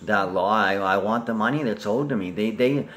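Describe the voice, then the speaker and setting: Man, rambling profane monologue, lowish voice, skips from topic to topic. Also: normal speed, fairly bright tone, soft background music.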